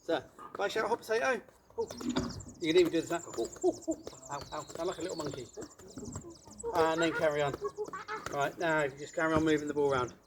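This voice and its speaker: A man coaching children through a ball drill on an outdoor pitch, encouraging and playful. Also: quick pace, pauses often, noisy background.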